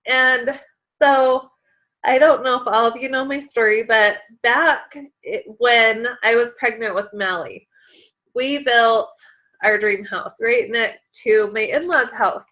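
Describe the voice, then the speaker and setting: A woman's voice: fairly high pitch, takes it slowly, sharp tone, dull audio. A woman in her thirties leading a motivational team call, chatty and emotional, with lots of fillers. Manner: emotional, tearful at times, chatty with many fillers. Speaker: team leader on a sales call.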